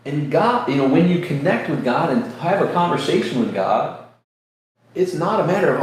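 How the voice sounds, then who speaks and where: A man's voice: a little high, animated, moderate pace, slight background noise. A man hosting a casual talk about faith, telling personal stories earnestly and acting out voices in quotes. He grew up in New York State. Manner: earnest storytelling with acted-out quotes. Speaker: host. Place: room near a beach. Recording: echoey room, faint ambience.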